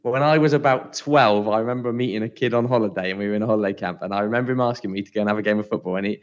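Racing along in a fairly low voice, this podcast co-host is chatty and teasing while he attempts impressions. The recording has a slightly dull, lo-fi quality.

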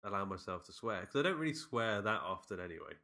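A man's voice: on the low side, big pitch swings, quick pace, sharp tone. A man co-hosting a podcast, recapping a horror film in loose, rambling casual chat that he often breaks off or laughs through. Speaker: podcast co-host.

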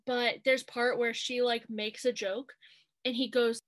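A female podcast co-host chats casually and animatedly while recapping a TV movie, quoting its scenes in playful voices. Her voice is a little high and a bit bright, with a steady tone and measured pace.

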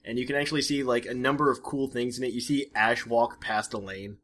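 A man co-hosts a casual podcast in a middle-pitched voice. He rambles and hesitates, piling on fillers and restarting his sentences as he thinks aloud. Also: steady tone, fairly quick, a bit bright. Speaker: podcast co-host.

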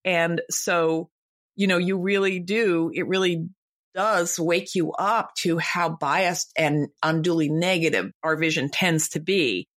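A woman's voice: fairly low pitch, takes it slowly, fairly bright tone. An older woman, a guest author, speaking emphatically and with firm opinions in a conversational interview.

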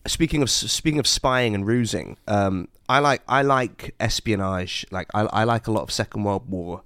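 A man's voice: lowish voice, moderate pace, fairly bright tone, clear, resonant tone, no echo, studio quality. A man co-hosting a podcast in casual, jokey chat, often breaking into silly voices. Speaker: podcast co-host.

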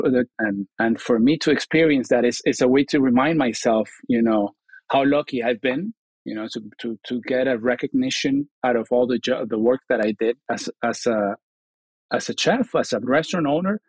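A man's voice: mid-range voice, moderate pace, no room sound, poor audio. Venezuelan man, earnest, dry close mic. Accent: Venezuelan Spanish. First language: Spanish. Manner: earnest, many restarts and "you know" fillers. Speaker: chef and TV host, guest. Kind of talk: casual interview chat.

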